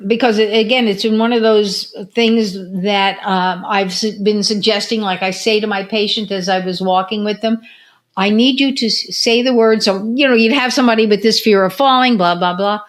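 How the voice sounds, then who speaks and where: An older woman speaks at a middling pitch as a podcast guest, recounting stories from her years as a physical therapist. She acts out the lines of the people in her stories, sometimes drawing words out slowly, sometimes squeaking them high. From United States. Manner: animated storyteller who acts out quotes. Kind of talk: casual storytelling interview.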